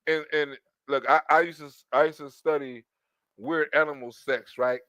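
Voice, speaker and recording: A man's voice: a little high, steady tone, normal speed, sharp tone, no room sound, lo-fi sound. A man hosting an online show, riffing in a crude, rambling, comedic way, stammering and restarting as he acts out quoted lines. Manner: crude, rambling storytelling full of acted-out quotes.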